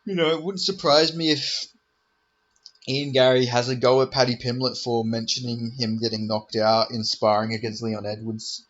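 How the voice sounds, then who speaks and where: Bright-voiced man ranting about fights. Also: medium pitch, steady tone, moderate pace, muffled recording. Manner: rambling, profane, joking. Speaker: MMA commentator. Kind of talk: casual fight preview commentary.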